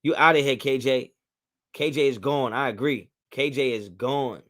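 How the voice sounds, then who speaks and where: Bright-voiced man hosting a loose livestream. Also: mid-range voice, normal speed. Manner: loose and slangy, talks back to chat. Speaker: livestream host. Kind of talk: casual live-stream chat reading comments.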